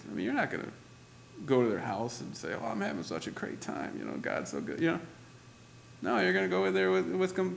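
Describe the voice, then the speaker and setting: A man of middle pitch preaching in a church, his voice slightly gravelly. He keeps the sermon loose and conversational, laughing often and checking in with "you know" and "right?". A faint hum of the room sits behind him. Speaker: pastor.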